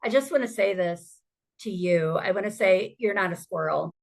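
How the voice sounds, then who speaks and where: Gravelly-voiced lady preaching her own recovery story, earnest and emphatic. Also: mid-range voice, moderate pace. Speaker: survivor advocate. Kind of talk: personal testimony talk.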